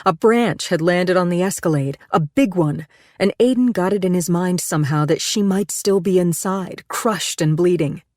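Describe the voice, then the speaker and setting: A woman reading an audiobook thriller in steady, measured scripted narration. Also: fairly low pitch, no echo, studio quality.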